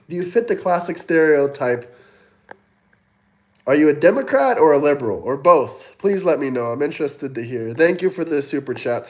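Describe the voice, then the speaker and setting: A young man chats casually on his livestream and answers viewers one by one. His voice sits fairly high, and his manner is mocking and taunting, with plenty of swearing. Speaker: livestream host reading chat.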